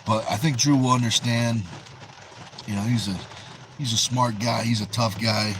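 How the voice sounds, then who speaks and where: A man's voice: medium pitch, fairly even intonation, normal speed, a bit bright, a little hiss or hum, rough recording. A man with a New England accent hosting a livestream, casually reading viewers' chat messages aloud and answering them. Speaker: livestream host.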